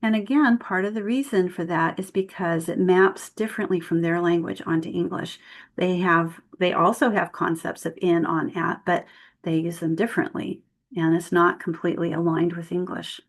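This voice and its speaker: A woman's voice: fairly low pitch, steady tone, normal speed. A woman leading an online workshop for tutors, explaining grammar with spoken example sentences over a video call mic. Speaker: tutor trainer.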